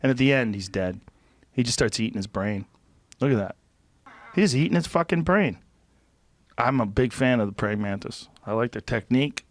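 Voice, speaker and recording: A man's voice: medium pitch, moderate pace, long pauses, dry recording. A man hosting a podcast, telling vivid stories in casual chat with lots of swearing and emphatic repetition. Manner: animated, profane storytelling. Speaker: podcast host.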